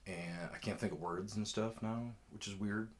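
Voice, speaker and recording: Low-voiced rambling man telling stories. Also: steady tone, moderate pace, a little hiss or hum. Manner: rambling, profane, laid-back. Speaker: storyteller. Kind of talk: casual storytime.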